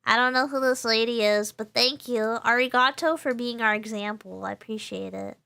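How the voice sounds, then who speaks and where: A woman's voice: on the high side, steady tone, normal speed, creaky, hardly any pauses, bright, forceful tone, clear, resonant tone. A woman with a Texas accent chatting casually on a live stream. She laughs often, answers chat and restarts her sentences, and her nose is a little stuffy. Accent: Texan. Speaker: VTuber streamer.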